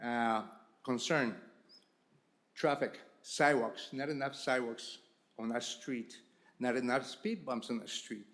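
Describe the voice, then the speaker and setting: A man's voice: mid-range voice, fairly even intonation, a little slow, a bit bright. A man speaking as a resident at a council meeting, informal and emotional, repeating his points. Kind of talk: public comment. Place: council chamber.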